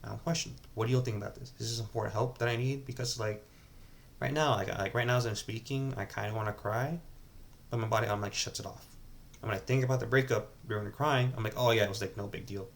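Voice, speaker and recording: A man's voice: mid-range voice, steady tone, quick pace, creaky, a little hiss or hum. A man talking casually to camera at home in a rambling, hesitant confessional, restarting sentences often. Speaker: vlogger.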